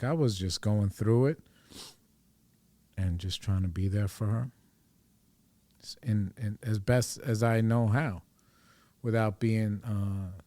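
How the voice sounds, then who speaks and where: A man's voice: fairly low pitch, mellow, dry recording. A man in his forties hosting a podcast, telling a personal story in a rambling, candid, profane way. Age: 40s. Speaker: podcast host.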